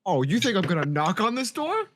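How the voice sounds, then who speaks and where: A man's voice: high voice, wildly swooping pitch, fairly quick, fairly bright tone, no room sound. A man playing a tabletop game online, brash and joking as he makes his moves. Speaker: player. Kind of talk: casual tabletop play.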